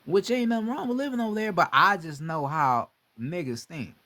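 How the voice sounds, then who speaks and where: Brief: young man, slightly high voice, casual profane rant, animated delivery. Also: moderate pace. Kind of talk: casual monologue.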